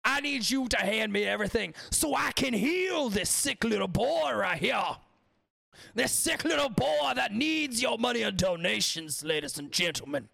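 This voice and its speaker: A greedy megachurch preacher, put on by a man, pleads and bellows for money in a swelling sermon cadence. The voice sits high and gravelly and rings out loud. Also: lively intonation, normal speed, no echo, soft background music, full character voice. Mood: pleading, grandiose. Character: greedy over-the-top male megachurch preacher.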